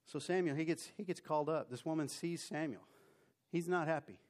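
A pastor preaching to his congregation in a folksy, conversational way. His voice sits a little high for a man, and he restarts and repeats words as he talks. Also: fairly quick. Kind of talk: sermon.

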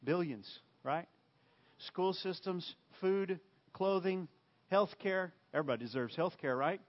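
A man preaching a sermon, emphatic and repetitive, swinging from loud bursts to hushed lines. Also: sits high, measured pace, lo-fi sound. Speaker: pastor.

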